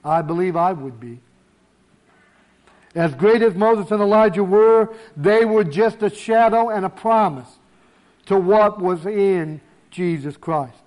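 A man preaching a sermon, emphatic, slowing down to stress key words. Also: sits high, a little mellow.

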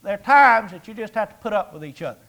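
A man's voice: high voice, animated, fast talker, gravelly, fairly bright tone. A man in his sixties preaching a sermon in a folksy, conversational way, with jokes and rhetorical questions. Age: 60s.

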